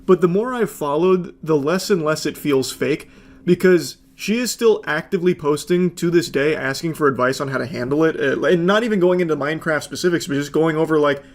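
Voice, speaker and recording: A man's voice: fairly high pitch, fairly quick. A man giving casual reaction commentary, sarcastic and swearing freely. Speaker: commentary host.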